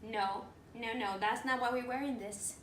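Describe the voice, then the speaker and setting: A woman's voice: a little high, steady tone, moderate pace. A woman co-hosting a casual podcast, telling a story and swearing freely, with Spanish words mixed into her English. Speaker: podcast co-host. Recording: echoey room with faint noise.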